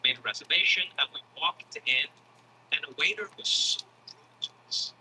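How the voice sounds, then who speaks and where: A male comedian tells a story with a high, very bright voice. His pitch swoops widely as he acts out the other characters and swears casually. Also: expressive, normal speed, slight background noise, poor audio.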